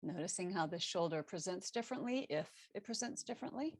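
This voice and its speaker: A woman teaching a live online yoga class, giving calm, steady cues over a video call. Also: fairly low pitch, quick pace, no echo. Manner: calm cueing with self-correcting laughs.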